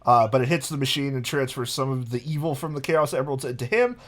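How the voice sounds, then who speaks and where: A man's voice: medium pitch, fast. A man co-hosting a casual podcast, explaining odd details with dry amusement. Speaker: podcast co-host presenting research.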